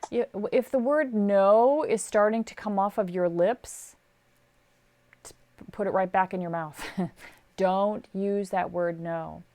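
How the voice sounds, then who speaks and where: Taking it slowly in a mid-range voice, a middle-aged woman chats casually on a podcast about advice. She's a sound recordist and an animated storyteller who acts out the quotes of the people she describes.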